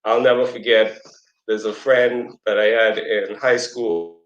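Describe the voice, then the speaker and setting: A man giving a casual teaching talk to a community audience, telling a story in a loose conversational way. He sometimes acts out quoted voices in a squeaky high pitch. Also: level tone, unhurried, lo-fi sound. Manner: conversational, loose, with fillers and asides. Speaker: speaker at a community presentation. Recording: roomy echo.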